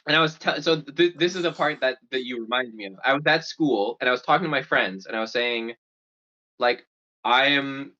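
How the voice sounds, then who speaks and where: A young man chats on a podcast, bright and forceful in tone, and slips into the voices of the people in his story. The recording is dull and lo-fi. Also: medium pitch, brisk. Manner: animated storyteller, acts out quotes. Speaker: podcast co-host. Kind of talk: casual chat. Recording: dull lo-fi sound.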